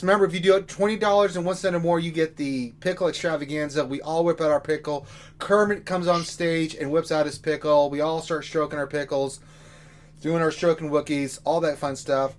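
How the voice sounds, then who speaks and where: A man's voice: a little high, fairly even intonation, normal speed. A man co-hosting a game livestream in casual chat, joking and talking straight to his viewers in a rowdy way. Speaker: livestream co-host.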